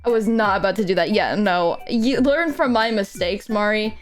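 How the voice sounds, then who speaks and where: A woman's voice: medium pitch, moderate pace, faint music behind. A woman streamer and commission artist telling a story casually while she draws, rambling and swearing, with "like" in almost every line. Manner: rambling and profane, heavy use of "like", animated retelling.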